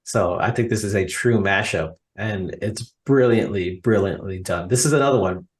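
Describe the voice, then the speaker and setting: An American man from the United States with a fairly low voice co-hosts a podcast at normal speed. It's a casual chat, and he's chatty and enthusiastic, using many fillers.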